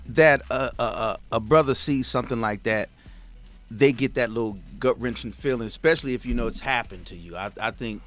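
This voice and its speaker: A man from the United States hosting a casual radio talk show, talking in an animated, emphatic way with frequent restarts. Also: medium pitch, fairly quick.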